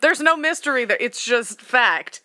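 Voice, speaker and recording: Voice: mid-range voice, lively intonation, moderate pace, sharp tone, no echo. A podcast co-host trading teasing banter and laughing easily in casual chat.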